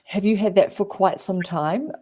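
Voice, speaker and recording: A woman's voice: medium pitch, normal speed, mellow, slightly rough. A middle-aged woman hosting a casual group video chat, asking the guests friendly questions with hesitant fillers.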